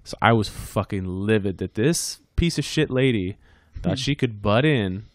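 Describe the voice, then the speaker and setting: A man in his thirties co-hosts a casual podcast, speaking in a low voice as he tells a heated story full of swearing. His sound is dry and close, with almost no room. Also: animated, a little slow, no echo. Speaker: podcast co-host.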